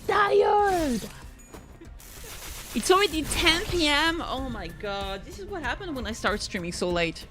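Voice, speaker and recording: A woman streamer chats with her viewers in a bright, high voice, bubbly and playful, poking fun at herself. Soft game music plays faintly behind her. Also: sing-song, normal speed, hardly any pauses. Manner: bubbly, playful, self-mocking, chatting with viewers. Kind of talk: casual gaming livestream chat.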